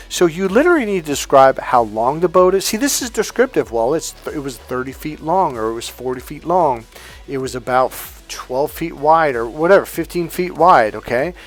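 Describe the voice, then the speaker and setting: Profane, animated male dating coach. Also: a little high. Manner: profane, animated, acts out quoted voices. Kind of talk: casual monologue.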